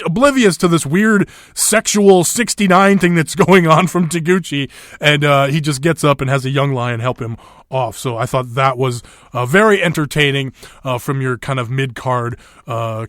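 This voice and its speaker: Speaking at a moderate pace in a mid-range, fairly bright voice, this male wrestling podcast host keeps things laid-back and chatty. He swears without restraint and often laughs or uses filler words. The audio is dry and studio-grade.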